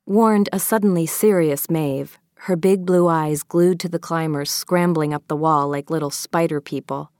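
A woman narrating a children's novel as an audiobook reader, in a steady, even storytelling manner. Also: sits low, moderate pace, few pauses, dry recording, clean studio sound. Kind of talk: scripted narration.

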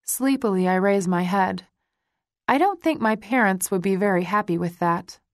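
A woman narrating a first-person romance audiobook in a slow, intimate reading voice. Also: mid-range voice, no room sound, studio quality.

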